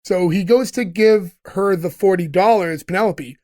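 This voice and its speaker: A man's voice: sits high, normal speed, a little mellow. A man co-hosting a casual podcast, recapping scenes in detail and laughing often. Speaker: podcast host recapping episodes.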